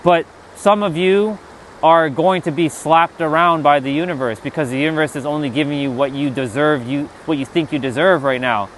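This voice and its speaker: A man's voice: fairly high pitch, moderate pace, a bit bright, slight background noise. Emphatic, swearing man streaming outdoors. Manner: emphatic and profane, repeats "right?". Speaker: spiritual streamer. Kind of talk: live-stream pep talk, answering chat. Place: outdoors by the water.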